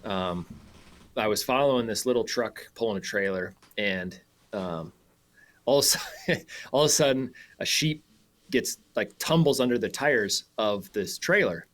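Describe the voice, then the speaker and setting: A young man telling a travel story on a radio show, animated and laughing, with many fillers and restarts. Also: lowish voice, a little slow. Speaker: guest photographer and hunter.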